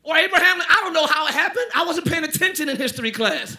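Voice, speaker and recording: A man preaching a lively sermon as pastor, often shouting and joking with the congregation. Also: very high-pitched, fast talker. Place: church sanctuary.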